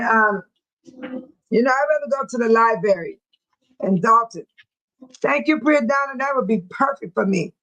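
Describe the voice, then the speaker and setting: On a low-quality recording, a woman with a slightly high, somewhat bright voice chats casually with viewers as she hosts a livestream. She rambles on, repeats herself, and laughs frequently.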